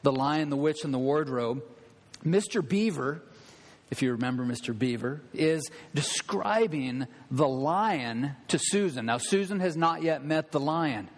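Animated preacher in an echoing hall. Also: male voice, a little high, unhurried. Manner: conversational, animated, dropping to quiet emphasis. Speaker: pastor. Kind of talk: sermon. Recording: long reverb of a church hall.

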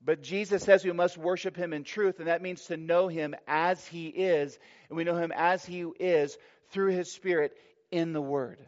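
A male pastor delivering a sermon in a slightly high-pitched voice. He preaches emphatically, leaning on key words and slowing down for scripture. The recording sounds dull and lo-fi.

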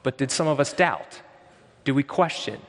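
A man's voice: mid-range voice, lively intonation, moderate pace, in a large hall. A man preaching a sermon as pastor, conversational and emphatic, in a church sanctuary.

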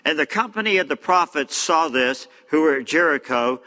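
A man's voice: fairly high pitch, animated, normal speed, bright, forceful tone. A man preaching a sermon, reading scripture aloud with frequent fillers and casual asides. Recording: long hall reverb.

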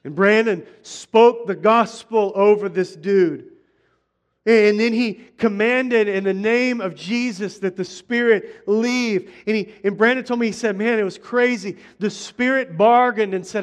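A man's voice: sits high, measured pace. A middle-aged male pastor preaching a sermon in a conversational way, often restarting phrases and speaking straight to the congregation. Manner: conversational preaching, frequent restarts and direct address.

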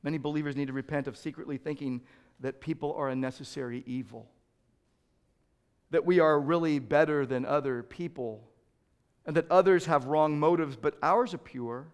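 Middle-aged male pastor, high voice, dynamic sermon delivery with loud and soft swings. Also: normal speed, clear, resonant tone. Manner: dynamic preaching, swings from loud emphasis to quiet.

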